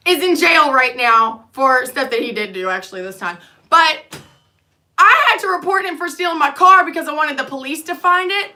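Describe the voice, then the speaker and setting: A woman, a nurse and lactation consultant, ranting heatedly to camera, swearing constantly and swinging from quiet asides to loud outbursts. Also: high-pitched, expressive. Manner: swearing, heated, fast-shifting loudness. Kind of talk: profane ranting monologue to camera.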